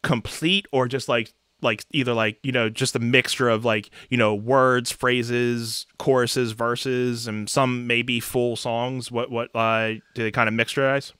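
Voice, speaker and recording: Smooth, bright-voiced man hosting an interview. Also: mid-range voice, steady tone, unhurried, few pauses, dry recording. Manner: rambling questions full of fillers. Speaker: podcast host. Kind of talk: casual interview chat.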